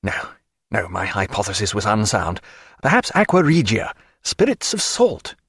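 A man's voice: lowish voice, wildly swooping pitch, normal speed, fairly bright tone, slightly rough, dry recording, heavily acted. A fussy, learned ship's doctor with a whining, snarling edge, as a man puts him on. His voice swings up and down as he talks, recorded dry and close. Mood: earnest.

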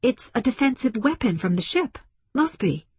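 A woman narrator voicing a tense, determined young woman's thoughts in a higher, urgent voice. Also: big pitch swings, normal speed, darkish tone, slightly rough, no echo, exaggerated voice. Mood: weary.

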